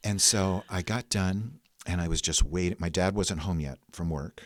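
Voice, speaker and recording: A man from New York, low-pitched, tells a rambling personal story in relaxed conversation. He is self-mocking and says "like" all the time. The recording is close and dry. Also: normal speed, no room sound. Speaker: guest storyteller. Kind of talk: casual spoken storytelling.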